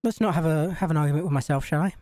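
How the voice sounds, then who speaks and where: A woman's voice: low-pitched, racing, warm tone, dry recording, studio quality. A woman with a Scouse accent streaming a game live, chatty and sweary, laughing at herself.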